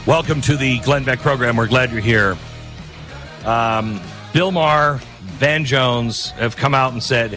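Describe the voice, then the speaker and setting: A male talk radio host holds forth in a rambling monologue at an everyday pitch. He is opinionated and blunt, but breaks off into self-deprecating asides, with faint music in the background. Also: unhurried, sharp tone.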